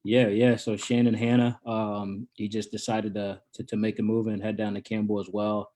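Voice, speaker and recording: Low-voiced laid-back wrestling coach. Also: male voice, flat delivery, normal speed, mellow. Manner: laid-back, many ums and repeated starts. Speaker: college wrestling coach and recruiter. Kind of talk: casual interview answers.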